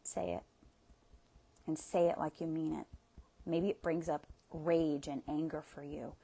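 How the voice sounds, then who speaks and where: Woman coach, low voice, unhurried, soothing tapping guidance with sighs. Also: steady tone, warm tone. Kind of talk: guided tapping session.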